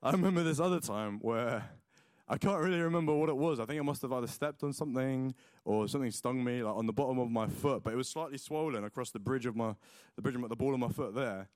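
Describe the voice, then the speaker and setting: A man's voice: mid-range voice, fast talker, no echo. Young man preaching, chatty and dry. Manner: chatty, lots of likes and ums, animated retelling. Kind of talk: sermon with personal storytelling.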